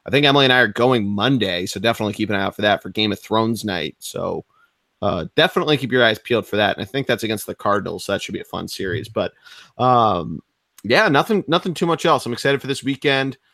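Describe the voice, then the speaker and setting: A man's voice: lowish voice, expressive, quick pace, creaky, sharp tone, no room sound, clean studio sound. A young man co-hosting a sports podcast, chatting casually and rambling, with loose swearing. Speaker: podcast co-host.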